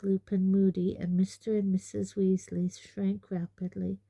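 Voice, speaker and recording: A woman narrating an audiobook in a measured, unhurried, gentle way. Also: lowish voice, dry recording. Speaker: audiobook reader.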